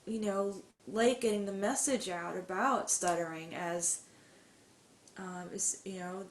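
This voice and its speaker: Speaking slowly in a mid-range, steady voice, this podcast guest, a musician, answers in a casual interview with earnest emotion, often stuttering through repetitions and blocks. The recording has room echo and faint background noise.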